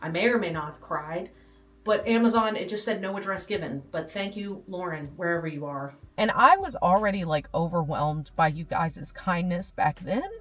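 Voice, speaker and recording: A young adult woman with a lowish, fairly bright voice talks at a normal speed while vlogging from her parked car. She rambles casually with lots of fillers, gushing, audibly moved and emotional.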